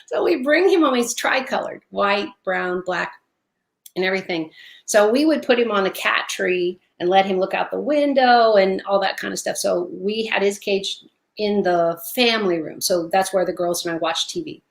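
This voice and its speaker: A middle-aged woman chatting as an interview guest, her voice at an ordinary middle pitch. She tells stories with animation and breaks into laughter often. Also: moderate pace, gravelly. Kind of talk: casual interview chat.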